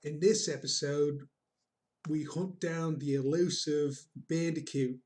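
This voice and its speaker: A man's voice: a little high, fairly even intonation, slow, a little mellow. A man putting on a put-on Australian accent, voicing a male wildlife show host with over-the-top documentary narration. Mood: mock-solemn. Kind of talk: jokey impression during a drawing stream.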